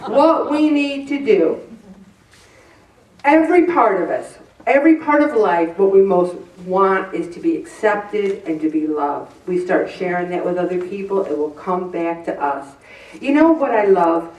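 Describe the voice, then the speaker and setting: A woman's voice: mid-range voice, animated, a little slow, darkish tone, recorded from a distance. Candid woman speaking in a roomy hall. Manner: candid and self-deprecating, with playful asides. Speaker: motivational speaker. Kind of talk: faith-based talk to a live audience. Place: event hall with an audience. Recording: roomy sound picked up from afar.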